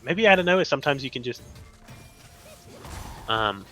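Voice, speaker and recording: A young man commentating a live esports match, excitable and rambling, often tripping over his words. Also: medium pitch, normal speed, faint music behind. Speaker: esports caster.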